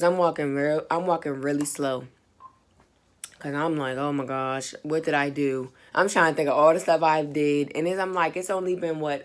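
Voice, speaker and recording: Low-voiced young woman telling a story. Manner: chatty, full of "like" and fillers, acts out quoted lines. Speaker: student. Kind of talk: casual personal storytelling.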